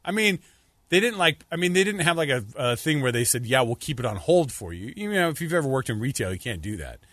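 A man's voice: medium pitch, sing-song, quick pace, a bit bright, no room sound. A man co-hosting a radio talk show, telling stories in a rambling way with frequent restarts. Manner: rambling storyteller with many restarts. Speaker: radio co-host. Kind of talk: casual radio chat.

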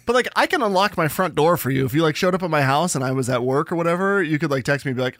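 A man's voice: fairly high pitch, racing, hardly any pauses, a bit bright, dry recording, clean studio sound. A man co-hosting a podcast in casual chat, rambling and giggling, often trailing off mid-thought. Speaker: podcast co-host.

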